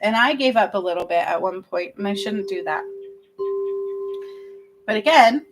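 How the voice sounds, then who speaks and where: A middle-aged woman speaks earnestly on a livestream, addressing her viewers directly as a spiritual healer. Her pitch sits in the middle of the range. She circles back over her points and keeps asking whether they follow. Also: animated, moderate pace, pauses often, background noise.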